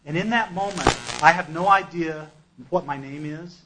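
A man giving a personal testimony at a recovery meeting, an emphatic storyteller who swings between loud outbursts and hushed asides. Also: fairly high pitch, moderate pace, background noise.

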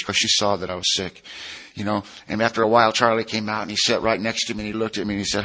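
A man's voice: lowish voice, little pitch movement, quick pace, bright, forceful tone. A man telling his recovery story to a meeting, plainspoken and emotional. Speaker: recovery speaker. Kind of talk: personal testimony at a recovery meeting.

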